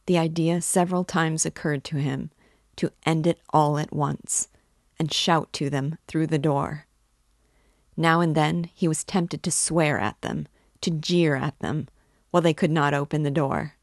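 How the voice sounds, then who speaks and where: A woman reading a classic novel aloud as a guide, with measured, even narration. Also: deep voice, vocal fry, no echo, studio quality.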